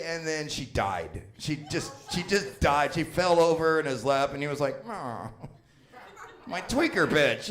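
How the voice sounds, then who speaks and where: A man's voice: high-pitched, a bit bright. A man in his fifties doing a stand-up comedy set, crude and rambling, swearing constantly and laughing at his own jokes. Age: 50s. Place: small comedy venue with live audience.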